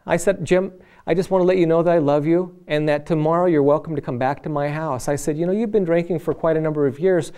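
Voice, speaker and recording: Man, middle-aged, lay preacher, personal testimony, earnest and conversational, slightly high voice, smooth and resonant. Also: fast, dark tone.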